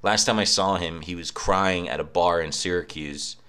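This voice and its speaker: Young guy, very low voice, cheap home mic, profane sarcastic rant. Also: normal speed, sharp tone, clean tone. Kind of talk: casual rant. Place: apartment. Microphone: cheap microphone.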